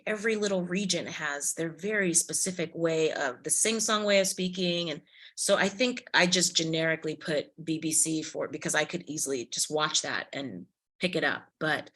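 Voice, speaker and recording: Woman, actress, podcast guest, casual interview, animated storyteller, bright forceful tone. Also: low-pitched, normal speed.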